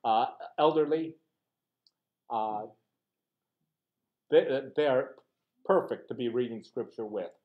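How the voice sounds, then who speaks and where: A man's voice: medium pitch, takes it slowly, pauses often, phone-quality sound. A man teaching a Bible study class as pastor, talking conversationally, asking rhetorical questions and acting out short exchanges. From United States. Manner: acts out short quoted exchanges.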